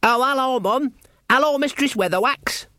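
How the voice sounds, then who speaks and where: A man puts on a high, whiny young guard, earnest and fussy about doing things by the book. He sounds far higher than his own voice, and the sound is close and dry with no room around it. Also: moderate pace, bright, forceful tone, dry recording. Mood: whiny insistent. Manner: whiny, pleading, high-pitched.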